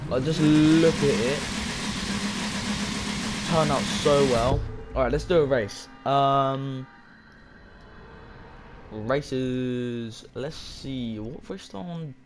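A young man giving casual, rambling commentary over his own racing gameplay, self-mocking and breaking into excited bursts. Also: mid-range voice, slow, pauses often, music in the background. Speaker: gaming video creator.

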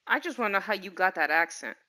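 A woman casually commenting on a game she plays, chatty and animated with lots of slang. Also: mid-range voice, fast talker. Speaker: gaming streamer. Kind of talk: casual let's-play commentary.

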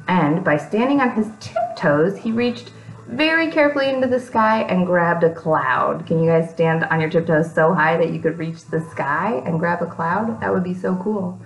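A woman's voice: on the low side, roomy sound, poor audio. A woman reading a picture book aloud to young children, breaking off for chatty asides to them.

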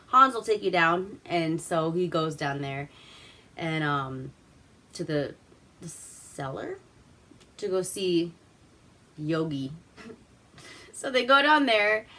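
A woman's voice: on the low side, pushed and bright. A woman from Alaska hosting a casual movie review, rambling through the plot with crude, swearing humor.

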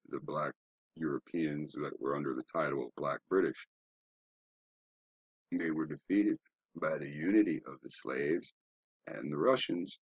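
A man's voice: very deep voice, husky, no echo, dull audio. A man giving a rambling, profane, preachy commentary while browsing web pages, asking rhetorical questions. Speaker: online commentator.

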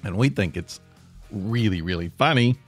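A man hosting a podcast, telling a funny story in an animated, self-deprecating way and laughing mid-sentence. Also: fairly low pitch, normal speed, faint music behind. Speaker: podcast host. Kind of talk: comic storytelling.

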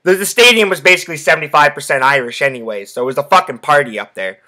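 Bright-voiced profane podcast guy. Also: fairly high pitch, quick pace. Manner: profane, rambling storytelling with many fillers. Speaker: podcast host. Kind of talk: casual sports podcast chat.

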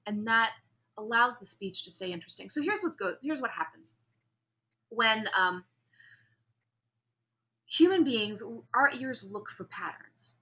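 A woman with a bright, forward voice teaches a speech class. She swings her pitch up and down to show contrast and calls on students with questions. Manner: animated, demonstrates pitch and emphasis, asks students questions. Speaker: speech instructor. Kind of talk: classroom lecture.

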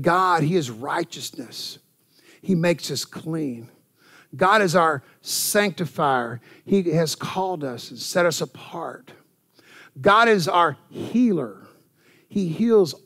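A male pastor delivers an animated church sermon, repeating words and punctuating his points with "amen". His voice sits a little high and has a gravelly edge.

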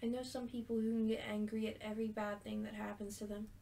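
A woman reading aloud the lines of a hurt but gentle young woman from a story game, in an earnest voice. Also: medium pitch, little pitch movement, quick pace, creaky, slight background noise, natural voice.

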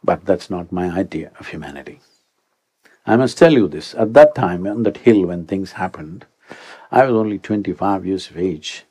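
A man in his sixties, a spiritual teacher, giving an animated speech to a young audience and often prompting listeners with rhetorical asides. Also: low voice, moderate pace, slightly rough. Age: 60s.

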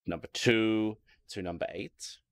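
A British man teaching an online English lesson, speaking slowly and enunciating carefully, repeating words so learners can drill them. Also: fairly low pitch, smooth, no echo. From Britain. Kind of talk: online ESL lecture.

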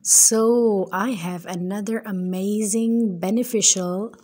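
A woman narrating a toddler puzzle video, talking in a slow, sing-song teacher voice. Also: medium pitch, steady tone, dark tone. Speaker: children's educational narrator.

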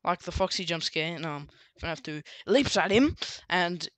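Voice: medium pitch, expressive, moderate pace, fairly bright tone, no echo. A book reviewer casually recapping a story, rambling with many fillers and restarts.

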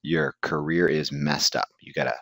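A man's voice: rumbling low, steady tone, normal speed, fairly bright tone, slight background noise. A male instructor giving a recorded lecture, blunt and joking, who asks questions and then answers them.

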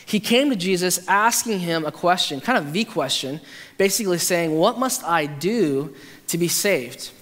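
A man's voice: high voice, lively intonation, moderate pace, a bit bright. A male pastor preaching a conversational, humorous sermon, acting out quotes with restarts. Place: church sanctuary. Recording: hall reverb.

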